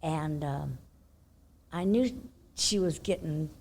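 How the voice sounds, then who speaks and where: An older woman from California tells a rambling story as an interview guest, her voice husky and a bit low. She laughs often and drops to a near whisper when voicing her own thoughts. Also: slow pace, darkish tone. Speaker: interview guest, horse trainer. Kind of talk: casual storytelling.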